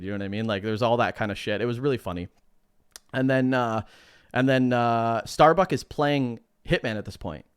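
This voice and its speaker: A man co-hosting a podcast tells a story in a relaxed, animated way, swearing freely and acting out other people's lines. His voice is smooth and resonant, recorded dry and close. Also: mid-range voice, moderate pace, dry recording. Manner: animated anecdote-telling, swearing, acting out quoted dialogue. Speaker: podcast co-host.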